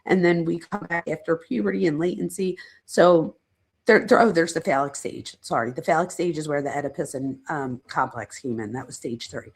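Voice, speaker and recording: A woman's voice: sits low, normal speed, slightly rough. A middle-aged woman hosting a livestream, lecturing casually and chatting with viewers in rambling, self-deprecating asides. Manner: addresses chat viewers directly. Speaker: psychologist and true crime channel host.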